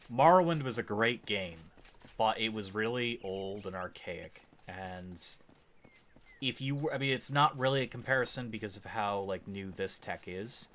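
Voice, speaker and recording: Male streamer, low-pitched, easygoing enthusiastic gameplay chatter. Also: a bit bright. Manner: rambling, enthusiastic, musing aloud. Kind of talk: casual gameplay commentary.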